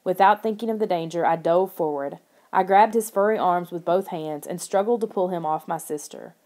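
A woman narrating a children's horror audiobook in the first person, steady and expressive. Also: lowish voice, normal speed.

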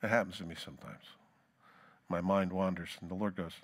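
This preacher reads scripture with drama, swelling loud before falling quiet, and chats with his congregation in offhand asides. His intonation stays fairly even and his pace runs a little fast.

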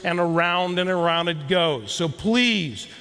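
Delivering a keynote in a large hall to a live crowd, this middle-aged man speaks in a high voice at a slightly slow pace. He tells stories animatedly and addresses the audience head-on.

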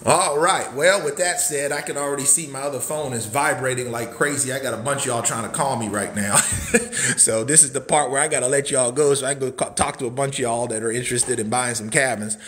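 A man in his forties giving a casual walkthrough of a prefab cabin, folksy and hyped up, shouting catchphrases and whooping between points. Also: mid-range voice, fairly even intonation, brisk, a little hiss or hum. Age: 40s. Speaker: cabin seller and social media host.

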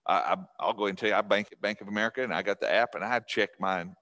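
Chatty middle-aged guy, lowish voice, folksy class talk. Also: steady tone, racing, sharp tone. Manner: folksy and chatty, with restarts and laughs. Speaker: guest speaker on scam prevention. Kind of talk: casual class talk to seniors.

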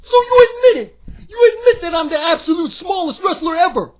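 A man voicing a tiny, scrawny male puppet wrestler who shouts and brags in a self-deluded way. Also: extremely high pitch, very animated, moderate pace, pitched above the performer's own voice. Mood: shrill bragging.

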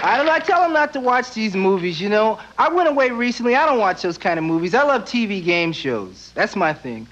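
Very high-voiced young stand-up comic. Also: male voice, a little fast, few pauses, a faint crowd, a little hiss or hum. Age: young adult. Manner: deadpan asides, sudden silly character voices. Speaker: stand-up comedian. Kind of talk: stand-up comedy routine. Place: TV studio stage before live audience. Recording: dull VHS broadcast audio with loud audience.

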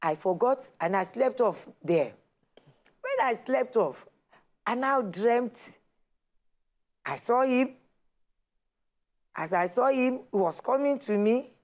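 Animated woman telling her story. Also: fairly high pitch, slow, pauses often. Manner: animated storyteller, acts out quoted dialogue. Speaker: guest sharing her testimony. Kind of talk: personal storytelling on a talk show.

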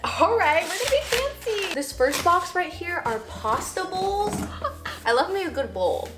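A woman's voice: very high-pitched, big pitch swings, measured pace, reverberant, music in the background. A woman in her twenties, a YouTuber chatting casually through an unboxing vlog, bubbly and giggly with emotional asides. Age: 20s.

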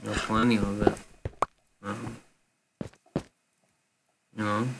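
Very low-voiced, slow-talking woman gaming. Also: flat delivery, vocal fry, very noisy. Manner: laid-back and goofy. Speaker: gamer. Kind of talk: casual gameplay chat.

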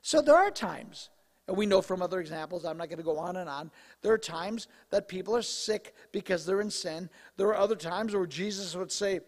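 A male pastor preaching a sermon in a conversational, animated way, his voice slightly hoarse. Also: sits high, a little fast, in a large hall. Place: church sanctuary.

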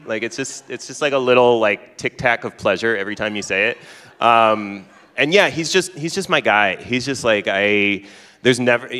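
This teacher, a guest author, chats his way through a story for a large hall audience, full of fillers and restarts and frequent laughter. His pitch is fairly low with a sharp, clean tone, captured in reverberant hall sound.

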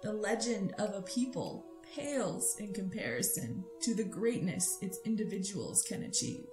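A serene, mysterious fortune-teller woman who speaks in calm, gracious riddles, as a woman puts her on. Her voice sits at a middling pitch. The recording sounds roomy, with faint music underneath. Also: normal speed, lightly acted. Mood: cryptic.

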